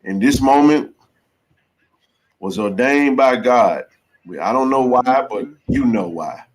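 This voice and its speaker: A man's voice: medium pitch, expressive, slow pace. A man hosting a call-in sports podcast, talking emphatically and preachily, dropping "bro" and "man" often. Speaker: podcast host. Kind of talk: casual call-in chat.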